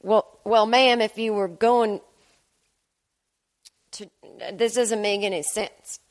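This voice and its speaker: A woman voicing a flat, matter-of-fact police officer in a comedy sketch podcast. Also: mid-range voice, slow pace, close to an everyday voice. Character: deadpan police officer at a traffic stop.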